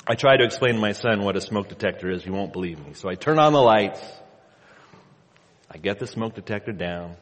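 A man in his thirties preaching a sermon in a church sanctuary, telling a relaxed story and often repeating himself. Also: fairly low pitch, a little fast, in a large hall. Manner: conversational storytelling, repeats words. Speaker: pastor.

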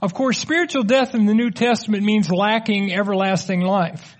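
High-voiced man teaching a sermon. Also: normal speed. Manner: conversational, explanatory, joking asides. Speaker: preacher. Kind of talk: teaching sermon with audience questions.

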